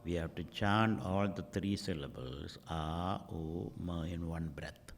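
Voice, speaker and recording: A middle-aged man leads a guided meditation in a very low, gravelly voice. He speaks slowly and calmly, and his phrase endings often fade into a whisper. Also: a little hiss or hum. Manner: slow, measured, trailing into whispers at phrase ends. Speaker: meditation teacher.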